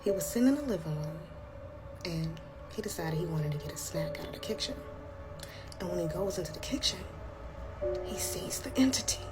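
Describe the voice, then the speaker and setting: A woman telling a scary story in a casual, colloquial way, slipping into hushed whispers at the tense parts. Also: medium pitch. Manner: colloquial, chatty. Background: background music.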